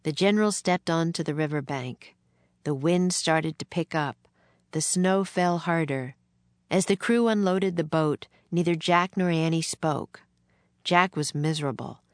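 Low, slow-reading woman narrator. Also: no room sound. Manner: measured, clear storytelling. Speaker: audiobook narrator. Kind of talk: scripted narration.

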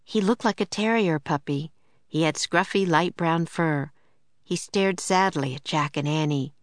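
A woman narrating a children's storybook in a gentle, steady way. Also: low voice, unhurried, no room sound.

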